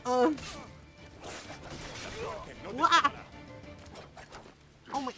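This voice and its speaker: A woman's voice: fairly high pitch, expressive, unhurried, long pauses, music in the background. A woman streaming a video game, chatting casually, joking, laughing often and mimicking characters as she plays. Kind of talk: casual gameplay commentary.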